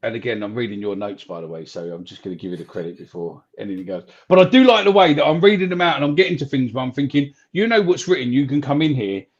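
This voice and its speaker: A man's voice: mid-range voice, expressive, fast talker, hardly any pauses, muffled recording. A man co-hosting a casual fan podcast, reading out notes, joking and swearing as he muddles up names.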